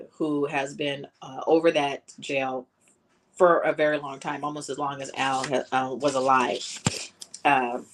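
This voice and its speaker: A middle-aged woman with a very low voice speaks in personal testimony, halting often with fillers. She is close to tears. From Chicago, USA. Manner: halting, emotional, many fillers. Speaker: bereaved mother speaking at a town hall.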